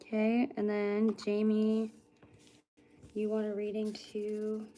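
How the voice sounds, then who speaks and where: A woman hosting live psychic readings, talking with her chat at an everyday middle pitch. She greets viewers one by one and fills the pauses by humming and murmuring to herself. The tone stays relaxed and conversational. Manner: chatty, greets viewers by name, hums and mutters to herself between readings. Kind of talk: casual livestream chat with viewers.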